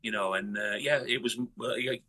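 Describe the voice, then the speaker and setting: A man's voice: fairly low pitch, moderate pace, bright, forceful tone. A man from northern England talking bluntly in a casual interview, swearing a lot and restarting his sentences. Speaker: guest musician.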